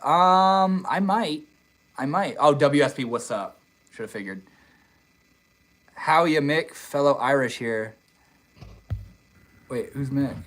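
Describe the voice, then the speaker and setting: A young man hosting a casual live stream, reading viewer comments aloud in a relaxed, swear-heavy way. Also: medium pitch, poor audio. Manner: laid-back, swears casually, says dude and bro a lot. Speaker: livestream host. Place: outdoors in the desert.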